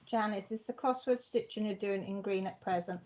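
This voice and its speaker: A craft channel host livestreams a casual chat from her home, her medium-pitched voice brisk and chatty. She's warm-hearted and gets emotional, nearly crying as she thanks her viewers.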